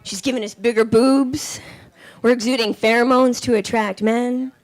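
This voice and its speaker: This high-voiced stand-up comedian works a live comedy club crowd with fairly even intonation at a normal pace. She's sassy and punchy, slipping into impressions of her relatives and of men.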